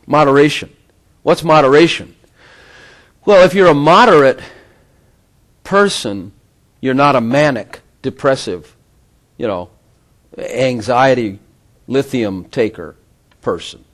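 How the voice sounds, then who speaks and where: A man's voice: medium pitch, slow pace, pauses often, fairly bright tone. A middle-aged man giving an informal sermon, rambling with conversational asides and frequent chuckles. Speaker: preacher.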